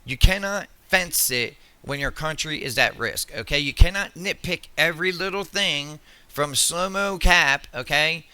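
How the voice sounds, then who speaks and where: A man rants in heated political commentary, his voice very bright and cutting. The sound is close and dry, and he swears freely and trips over his own restarts as he talks. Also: a little high, measured pace, clean tone, dry recording. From United States. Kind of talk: angry ranting commentary.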